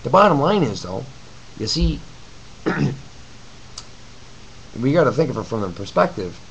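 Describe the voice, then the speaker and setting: A man's voice: medium pitch, very animated, measured pace, a bit bright, slight background noise, low-quality recording. A man giving a blunt, profane, rambling webcam rant to his viewers from his apartment. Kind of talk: ranting webcam video reply. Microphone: camcorder mic.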